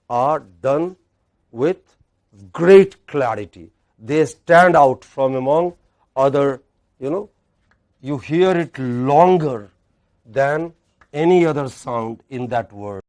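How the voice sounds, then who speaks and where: Indian English male pronunciation teacher, slow and mellow, quizzing a class aloud. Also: mid-range voice. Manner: drilling a class with repeated questions. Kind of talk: classroom lecture.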